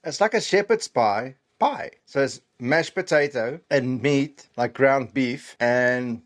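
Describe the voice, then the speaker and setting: A man originally from South Africa talks through a food tasting at an easy conversational pace, his voice sitting at an ordinary middle pitch. He rambles, restarts and trails off, cracking self-deprecating asides as he rates each bite. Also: slow pace. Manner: chatty and self-deprecating, trailing off mid-sentence. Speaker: food vlogger. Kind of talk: casual food-tasting chat.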